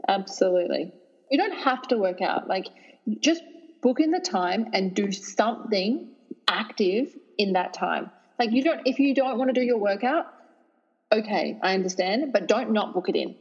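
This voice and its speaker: An Australian woman fitness trainer speaks energetically and with emphasis in a podcast interview. Her voice is a little husky. The sound is dull and lo-fi, with a long reverb trailing behind it. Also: mid-range voice, moderate pace. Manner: energetic, emphatic, laughs easily.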